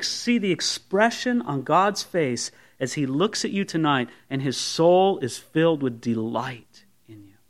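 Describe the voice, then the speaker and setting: A man preaching a sermon to a congregation, talking conversationally and acting out objections from listeners. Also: a little high. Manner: conversational, voices imagined objections. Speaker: pastor. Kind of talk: expository sermon. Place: church service before a congregation.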